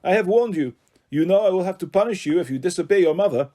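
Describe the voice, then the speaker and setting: A man's voice: high-pitched, expressive, quick pace, dark tone, pitched above the performer's own voice. A man voicing a stern middle-aged stepdad with an Eastern European accent and stiff formal phrasing. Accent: Eastern European (put on).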